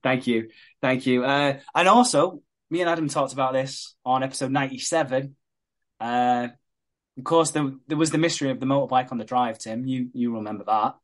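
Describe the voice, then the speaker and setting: A man, co-hosting a podcast, retelling a soap plot in a casual, animated way and swearing freely. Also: medium pitch, brisk. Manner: animated retelling, swears a lot, laughs often. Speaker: podcast co-host recapping a soap.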